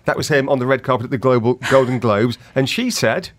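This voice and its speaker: A man hosts a breakfast radio show in a casual, chatty way, laughing easily between stories. His voice sits at an ordinary middle pitch. The studio mic sounds dry and close. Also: fast talker, no room sound.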